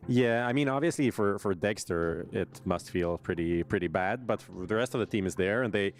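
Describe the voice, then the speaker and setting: A man on an esports analysis desk, relaxed and wry, often restarting his sentences. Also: lowish voice, moderate pace.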